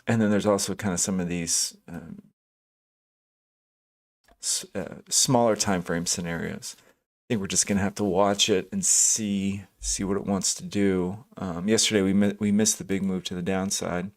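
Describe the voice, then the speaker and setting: A man with a low voice and steady tone talks at normal speed on his live day trading stream. His casual market commentary comes as hesitant thinking aloud over charts, with plenty of fillers, restarts and self-corrections, and he calls out chat viewers by name.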